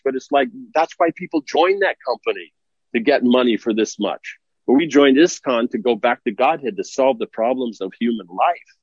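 A man's voice: mid-range voice, expressive, normal speed, slightly rough, no room sound, muffled recording. A man giving a sermon in a blunt, scolding way, firing off rhetorical questions. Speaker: spiritual teacher.

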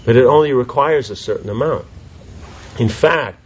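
A man teaching a class in an informal question-and-answer session, animated and full of rhetorical questions. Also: mid-range voice, moderate pace, breathy edge, muffled recording.

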